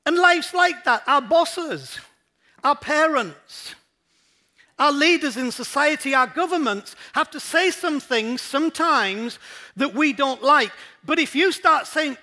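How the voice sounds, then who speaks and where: High, lively male preacher. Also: a little slow. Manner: emphatic and repetitive, driving points home. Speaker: pastor. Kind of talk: sermon.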